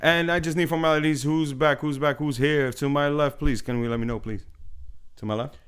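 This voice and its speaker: A man's voice: fairly high pitch, steady tone, brisk, fairly bright tone, smooth. A man hosting a casual movie podcast, upbeat and rambling with plenty of fillers. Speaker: podcast host. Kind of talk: casual chat.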